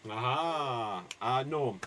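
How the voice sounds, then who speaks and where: A man hosting an improv comedy show, calling on players and delivering pun jokes with a dry pause. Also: mid-range voice, animated, bright, forceful tone, slight background noise. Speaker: improv game host.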